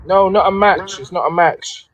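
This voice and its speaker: A man's voice: high-pitched, fairly even intonation, normal speed, fairly bright tone. A man with an English accent hosting a game on a livestream, polite and hesitant, with fillers and restarts. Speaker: game host.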